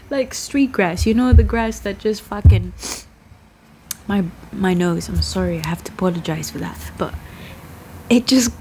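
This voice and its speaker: Slow, rambling woman. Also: medium pitch, sing-song, noisy background. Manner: laughs often, swears casually, drifts between thoughts. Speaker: tarot reader. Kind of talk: rambling casual chat to camera.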